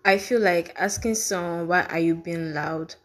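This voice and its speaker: A woman's voice: lowish voice, moderate pace, fairly bright tone. Emphatic young woman, casual chat. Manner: emphatic, repeats points, acts out quoted questions. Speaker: podcast co-host.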